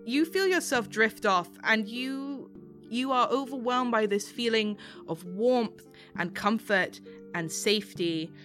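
A woman running a tabletop role-play as game master, narrating scenes in a slow, soothing, descriptive way. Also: fairly high pitch, fairly bright tone, faint music behind.

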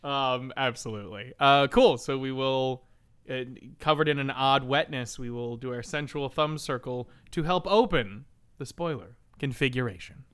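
A man co-hosting a podcast, chatting casually about a film, emphatic and quick to swear and laugh. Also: medium pitch, fairly bright tone, smooth. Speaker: podcast co-host. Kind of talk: casual chat reviewing a film.

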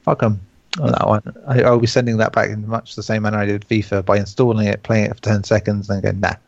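A man's voice: lowish voice, little pitch movement, fast talker, vocal fry, no room sound, highs cut off. A man hosting a casual gaming podcast, joking, laughing and swearing a lot. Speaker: podcast host.

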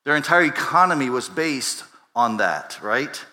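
A man preaches from the pulpit in an easy, conversational way, circling back over his words and throwing questions at the room. His voice is bright and forward, and it rings out with a long tail of reverb from a large sanctuary. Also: medium pitch, animated, a little slow. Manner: conversational preaching with many restarts and rhetorical questions. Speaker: pastor. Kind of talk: sermon. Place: church sanctuary.

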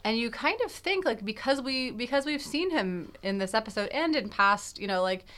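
A woman's voice: fairly high pitch, animated, moderate pace, fairly bright tone. A young woman co-hosting a podcast, thinking aloud in casual analytical chat with many fillers and restarts. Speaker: podcast co-host.

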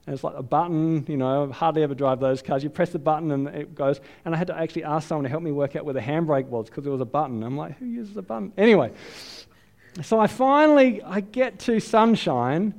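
An Australian man preaching a sermon, telling a self-deprecating story in a lively, chatty way. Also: a little high, rapid-fire, few pauses. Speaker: pastor. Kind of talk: sermon with personal anecdote.

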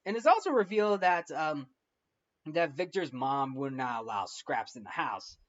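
A man's voice: fairly high pitch, expressive, moderate pace, lo-fi sound. Rambling man recapping a film. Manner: rambling, many restarts and "like". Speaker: film review host.

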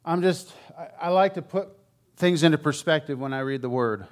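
Man preaching with a slightly high voice. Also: normal speed. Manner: candid, conversational storytelling with frank asides; swings between loud emphasis and quiet low asides. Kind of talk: sermon.

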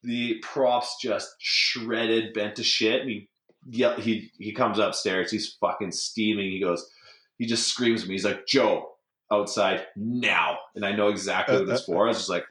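Young man, casual storytelling, lots of filler and swearing, lowish voice, echoey room. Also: steady tone, moderate pace, a bit bright. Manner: laid-back storytelling, heavy swearing and "like". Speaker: storyteller among friends. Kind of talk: casual chat.

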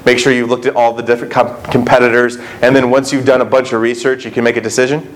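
A man's voice: mid-range voice, flat delivery, quick pace, a little hiss or hum, low-quality recording. A middle-aged male pastor delivering a conversational sermon, full of rhetorical questions and acted-out quotes.

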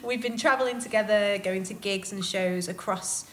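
A woman's voice: mid-range voice, normal speed, slight background noise. A young woman hosting a podcast interview, upbeat and chatty, often laughing. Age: young adult. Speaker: podcast host and singer.

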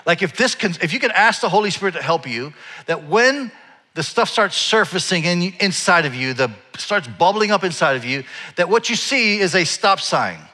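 A man in his forties preaching a sermon, telling a personal story in a conversational way that swings from quiet asides to loud, animated bursts. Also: high-pitched, normal speed, big-room sound. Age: 40s. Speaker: pastor.

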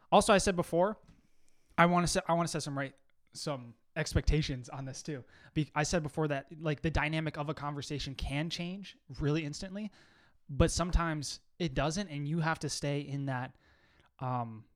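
A man's voice: on the high side, normal speed. Earnest young man, rambling with "like". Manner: earnest, filler-heavy, lots of "like". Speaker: podcast co-host. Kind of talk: casual chat.

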